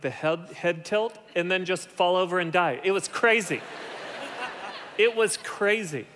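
A man preaching a sermon, animated, often dropping to soft, low tones for emphasis. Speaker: pastor. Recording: long hall reverb.

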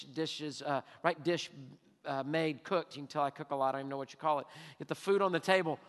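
Man, pastor, emphatic sermon delivery, long pauses, lingering hall reverb. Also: on the high side, fairly bright tone. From Texas.

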